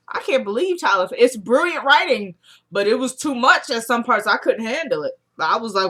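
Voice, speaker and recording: This is a woman speaking at an ordinary middle pitch, recapping a TV episode casually for her viewers. She tells it like gossip with friends, acting out the characters' lines and reacting bluntly as she goes. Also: a little fast. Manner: animated storyteller who acts out quoted lines; frank and exclamatory. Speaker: TV episode reviewer.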